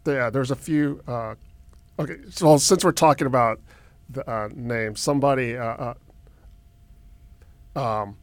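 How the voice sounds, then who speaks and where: A man's voice: medium pitch, measured pace, long pauses, dry recording. A man co-hosting a tech podcast who chimes in agreeably and reads out listener comments. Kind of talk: casual tech podcast chat.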